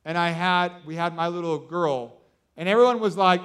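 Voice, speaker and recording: A man in his thirties preaching a sermon, telling stories excitedly with lots of fillers like "like" and "you know". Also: high-pitched, moderate pace, smooth. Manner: excitable storytelling with many fillers. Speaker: pastor.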